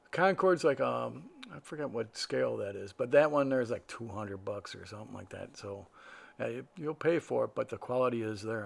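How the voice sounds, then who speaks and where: A man talks casually over his own footage, wandering from point to point with plenty of "uh"s and restarts. His voice has a gravelly, rough edge at a middle pitch. It sounds like an unscripted hobbyist voice-over. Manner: rambling, full of fillers and restarts. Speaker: aviation vlogger.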